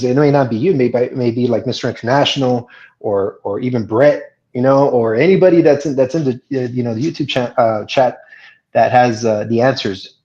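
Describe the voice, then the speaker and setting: Earnest halting man on dull audio. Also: mid-range voice, a little mellow. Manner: earnest, halting, many fillers and restarts. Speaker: guest. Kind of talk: live chat Q&A. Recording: dull lo-fi sound.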